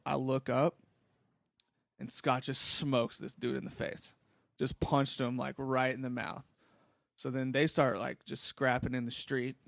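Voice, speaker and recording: A young man tells a rambling story in a relaxed, profane way. His voice has a gravelly edge, and the sound is dry and close. He keeps it casual and easygoing throughout. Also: mid-range voice, dry recording. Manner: laid-back, rambling, profane. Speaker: podcast host.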